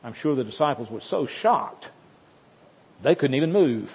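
A man preaches a sermon in a husky, slightly breathy voice, retelling the story with dramatic emphasis and insistent repetition. His voice comes through dull and muffled, and a long reverb trails behind it as if in a large church. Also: medium pitch, lively intonation, normal speed, pauses often.

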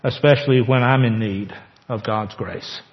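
A man preaching a sermon as pastor, earnest, with slow emphatic pauses. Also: medium pitch. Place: church sanctuary. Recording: echoey church hall, dull lo-fi sound.

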